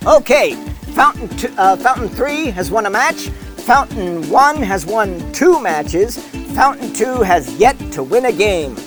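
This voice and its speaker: High-voiced man doing playful mock sports commentary. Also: measured pace, over music. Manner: playful, deadpan announcer tone. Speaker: host and commentator.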